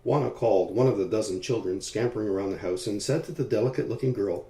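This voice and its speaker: Male narrator, mellow and dark tone, measured storytelling, roomy echo. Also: fairly low pitch. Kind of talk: audiobook narration.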